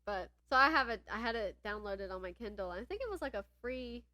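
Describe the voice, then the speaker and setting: A woman's voice: fairly high pitch, lively intonation, a little fast, pushed and bright, no room sound. A woman co-hosting a podcast in casual chat, rambling and laughing often. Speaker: podcast co-host.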